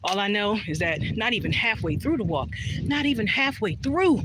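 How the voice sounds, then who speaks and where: A woman's voice: mid-range voice, big pitch swings, moderate pace, a bit bright, poor audio. A woman telling a casual story while out on a walk, chatty and swearing freely as she acts out what people said, into a phone she holds as she walks. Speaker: vlogger. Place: outdoors on a walking trail. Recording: outdoor noise behind voice.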